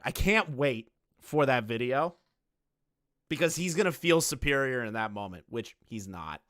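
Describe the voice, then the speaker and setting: Man, sarcastic reaction commentary, mocking, bright voice, dry close sound. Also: medium pitch, moderate pace, clear, resonant tone, no room sound. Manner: mocking, sarcastic, swears freely. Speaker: reaction streamer.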